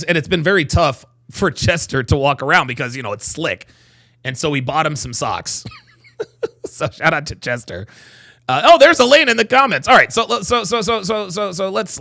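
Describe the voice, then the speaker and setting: Animated gravelly-voiced man ranting. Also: on the high side. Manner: animated, profane, repeats phrases, drags out words for emphasis. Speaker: host reacting to a video clip. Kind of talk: livestream commentary.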